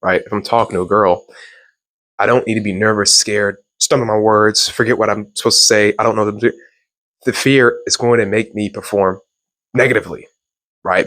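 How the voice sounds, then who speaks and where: Young male self-help host from Louisiana, low-pitched, loose and rambling delivery, dry recording. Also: a bit bright, no room sound. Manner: rambling storytelling with restarts and laughs. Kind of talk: casual motivational talk.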